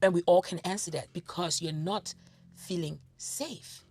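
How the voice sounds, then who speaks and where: A woman's voice: lowish voice, unhurried, a little mellow, soft background music. A woman giving sarcastic, scolding reaction commentary on video clips, mocking and challenging the person she watches.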